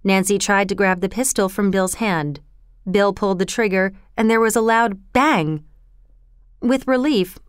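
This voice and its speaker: A woman narrating a storybook in an even, clear reading manner. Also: medium pitch, no echo, clean studio sound.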